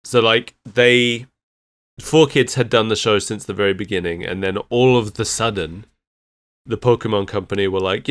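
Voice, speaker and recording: A man's voice: fairly low pitch, moderate pace, fairly bright tone. A man co-hosting a podcast, casually chatting and often laughing mid-sentence. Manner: giggly, laughs through sentences. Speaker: podcast co-host. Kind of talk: casual chat.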